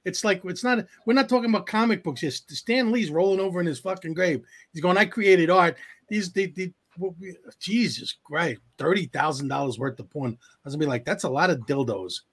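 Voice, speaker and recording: A man's voice: high-pitched, a little fast, hardly any pauses, slightly rough. A man co-hosting a casual comedy podcast, rambling with restarts and profane reactions. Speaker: podcast co-host.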